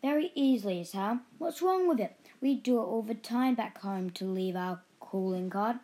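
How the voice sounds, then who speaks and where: A woman's voice: medium pitch, animated, normal speed, warm tone, natural voice. A woman voicing a boisterous, homesick father hyena in a storybook reading, speaking emphatically. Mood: boastful.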